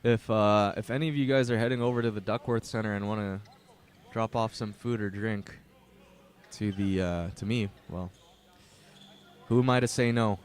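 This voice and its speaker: A man's voice: fairly low pitch, steady tone, normal speed, long pauses. Chatty young man calling basketball. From Canada. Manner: chatty, joking asides to viewers. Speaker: play-by-play commentator. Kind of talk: livestream basketball commentary. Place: gym at a basketball tournament.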